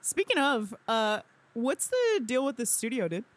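A man's voice: very high-pitched, very animated, a little slow, exaggerated voice. A man playing a laid-back party bro who drawls and says "dude" all the time.

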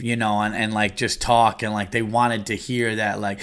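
A man's voice: medium pitch, a little fast, hardly any pauses, a bit bright. A middle-aged man hosting his own podcast in casual, rambling chat, loose and profane with many fillers. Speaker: podcast host.

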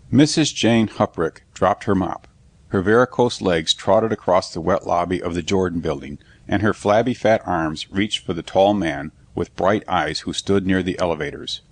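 A man reading a science fiction audiobook aloud as narrator, giving the dialogue light voices. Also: deep voice. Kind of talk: scripted narration.

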